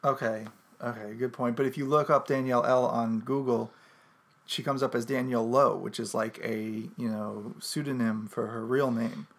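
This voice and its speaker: A man's voice: mid-range voice, steady tone, moderate pace, creaky, fairly bright tone. Dry, teasing man chatting casually. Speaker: co-host. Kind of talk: casual podcast chat.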